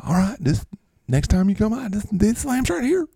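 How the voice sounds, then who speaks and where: A man's voice: high-pitched, very animated, normal speed, vocal fry, warm tone, slightly rough, no echo, studio quality, pitched above the performer's own voice, heavily acted. A man voicing an eager, chatty male lamb farmer with a drawl, pushily showing off his animals in a comedy podcast bit. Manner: drawling and pushy, keeps showing off.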